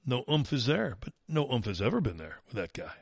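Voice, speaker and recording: A man's voice: mid-range voice, very animated, fairly quick, vocal fry, slightly rough, no echo. Combative male talk radio host. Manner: combative, mocking, emphatic. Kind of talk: opinionated talk radio monologue.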